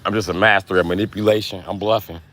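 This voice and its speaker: A man rants on his livestream, swearing freely and combatively. His voice is bright and forceful, with a tense edge. He talks in a loose, casual way. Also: low-pitched, steady tone, quick pace, slight background noise. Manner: profane, combative ranting. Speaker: livestream host.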